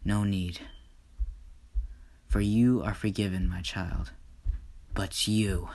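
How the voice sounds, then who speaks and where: A man voicing a stern, commanding heavenly father who speaks in measured tones. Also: fairly low pitch, fairly even intonation, a little mellow.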